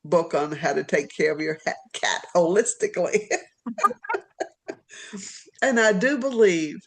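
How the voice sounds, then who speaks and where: A woman from Virginia, a literary agent, telling stories as a podcast guest in an animated, rambling way. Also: on the low side, measured pace, noisy background. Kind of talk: storytelling in an interview.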